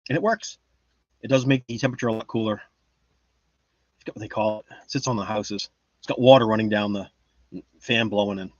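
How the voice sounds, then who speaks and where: A man's voice: fairly low pitch, a little fast, pauses often, no room sound, highs cut off. A man chatting casually on a livestream, reading the chat and rambling in a boastful, joking way. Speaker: livestream host.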